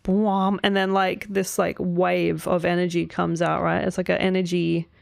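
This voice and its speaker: A woman's voice: on the low side, little pitch movement, normal speed, creaky, no room sound, studio quality. A woman vlogger chatting casually, rambling with lots of fillers, asking "right?" and swearing freely. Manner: rambling, filler-heavy, often asks 'right?'. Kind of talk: casual chat.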